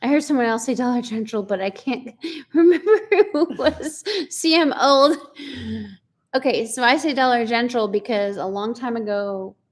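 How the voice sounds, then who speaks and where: A chatty woman in her forties hosts a relaxed live stream. Her voice sits a little high, and she keeps laughing as she reads out viewer comments. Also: normal speed. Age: 40s. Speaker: livestream host. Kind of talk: casual live chat.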